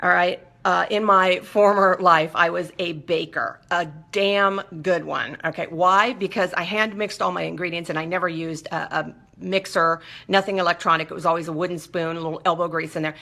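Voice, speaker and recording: Woman host talking straight to viewers, lower voice with lots of gravelly fry, keeps asking okay? right?. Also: fairly even intonation, normal speed, hardly any pauses, bright, forceful tone. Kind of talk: casual live monologue.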